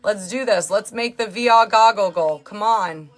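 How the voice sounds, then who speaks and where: A woman hosts a casual livestream, reading her chat aloud and teasing viewers with loud, sarcastic humor. Her voice sits at an ordinary middle pitch for a woman, and faint music plays underneath. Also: normal speed. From New York. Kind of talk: casual live-stream chat, reading comments.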